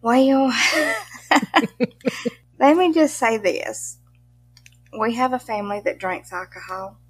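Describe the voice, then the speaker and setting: A middle-aged pet content creator from Mississippi speaks slowly in a highish, breathy voice with lively intonation during a casual interview. She has a strong Southern accent, laughs often, and drops country sayings.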